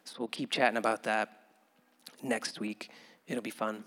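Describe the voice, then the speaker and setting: A man preaching a conversational sermon as pastor, chuckling often and building to loud, animated bursts. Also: lowish voice, measured pace, long pauses, in a large hall.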